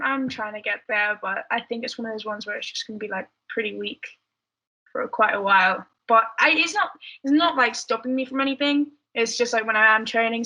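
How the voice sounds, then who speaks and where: A woman's voice: a little high, bright, forceful tone, poor audio. A young woman with an English accent, chatting casually as a podcast guest, mumbly with lots of fillers. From England. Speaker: guest athlete.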